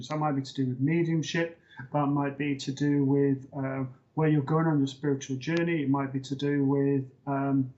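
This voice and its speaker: Man hosting a live psychic show. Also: fairly high pitch. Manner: relaxed, hesitant with fillers. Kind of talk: live-stream host talk. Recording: dull lo-fi stream audio.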